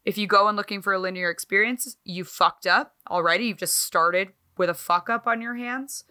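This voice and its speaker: A woman co-hosting a podcast in casual chat, talking in an animated, swearing, self-mocking way. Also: mid-range voice, normal speed. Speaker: podcast co-host.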